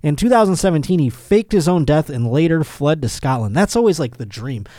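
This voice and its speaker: A man's voice: on the high side, big pitch swings, brisk, dark tone, no echo, studio quality. A man hosting a comedic podcast, riffing on odd news stories and laughing often. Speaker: podcast host.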